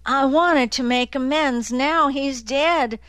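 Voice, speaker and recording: A woman's voice: high voice, takes it slowly, fairly bright tone, dry recording, studio quality, pitched above the performer's own voice. A woman voicing a frightened dying man who pants and wails in short breathless bursts. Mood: desperate.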